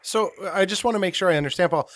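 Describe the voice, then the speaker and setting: A man's voice: high voice, racing, a bit bright. A man co-hosting a podcast, chatting casually and checking that he understands what was said. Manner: checks his understanding, easygoing. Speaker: podcast co-host. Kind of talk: casual chat.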